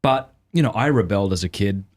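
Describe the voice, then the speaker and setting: A man's voice: on the low side, lively intonation, quick pace. A man with an Australian accent hosting a podcast, playful and jokey. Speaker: podcast host. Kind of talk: casual podcast chat.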